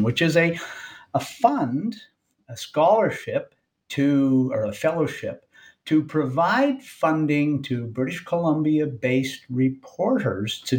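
A man who is a regular political columnist guest on a radio show, telling stories with wry asides. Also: mid-range voice. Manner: animated storyteller, wry asides. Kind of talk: radio commentary.

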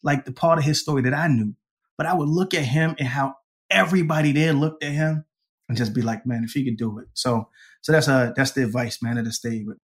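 A man as an interview guest, telling a personal story in a lively way, laughing often and acting out the people he quotes. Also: mid-range voice, fairly quick. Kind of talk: conversational storytelling.

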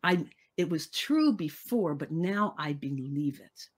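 A woman's voice: low voice, animated, slow, background noise. Earnest woman sharing her story. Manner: earnest, reflective, repeats phrases for emphasis. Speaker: guest. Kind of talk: personal story on a podcast.

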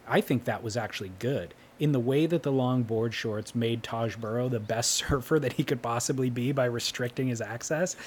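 A man's voice: mid-range voice, a little mellow, a little hiss or hum. A man co-hosting a podcast in casual chat, taking the contrarian side and arguing his point at length. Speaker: podcast co-host.

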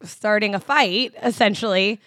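A woman co-hosting a podcast in casual chat, with quick asides and mock quotes. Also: mid-range voice, fairly bright tone, no echo, studio quality. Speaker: podcast co-host.

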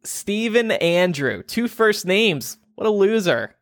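A man's voice: high-pitched, very animated, slow pace, dry recording. A man co-hosting a comedy podcast, laid-back and laughing often, with wry asides. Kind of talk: casual comedy chat.

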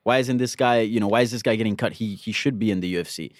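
A relaxed man co-hosting a sports talk show, talking things over casually. His voice sits fairly low. The sound is close and dry. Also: quick pace, no echo. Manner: relaxed, conversational, some restarts. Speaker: co-host.

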